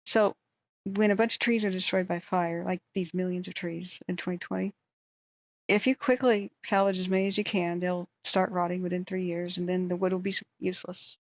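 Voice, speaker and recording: A hoarse woman hosting a wildfire tracking livestream, ranting in angry, exasperated commentary. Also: fairly low pitch, fairly even intonation, a little fast, dry recording, lo-fi sound.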